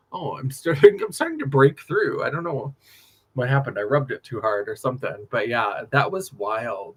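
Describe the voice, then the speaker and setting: A man from North Dakota, a drag performer telling stories in a sassy, laughing late-night chat. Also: mid-range voice.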